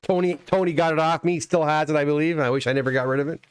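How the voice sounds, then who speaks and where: A man's voice: fairly high pitch, very fast, clean tone. A middle-aged man from Canada hosting a casual live stream, chatting in a rambling way and reading comments aloud. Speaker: livestream host unboxing graded comics.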